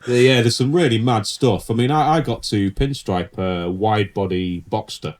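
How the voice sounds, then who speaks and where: A man's voice: lowish voice, fairly even intonation, normal speed. A man co-hosting a casual podcast chat, rambling and laughing easily as he tells stories. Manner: rambling, laughs often, restarts. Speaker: podcast co-host, pinstriper.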